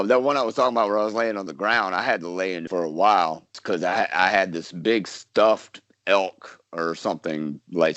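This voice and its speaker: A man talks through a casual interview in a lowish voice, wandering and restarting his sentences with plenty of fillers. The sound is dry and close, with no room around it. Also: a bit bright, no echo. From South Carolina, US. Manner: rambling, many fillers and restarts. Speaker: actor, podcast guest.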